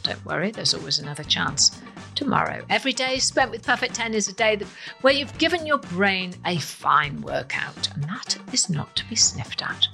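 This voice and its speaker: A woman's voice: mid-range voice, gravelly. A woman hosting a quiz podcast, playful and emphatic in a scripted read. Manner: playful, emphatic, lively delivery. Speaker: quiz host.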